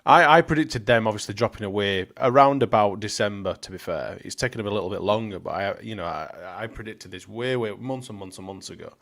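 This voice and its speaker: A man's voice: on the low side, quick pace, hardly any pauses, fairly bright tone. A man in a casual football chat, chatty and blunt.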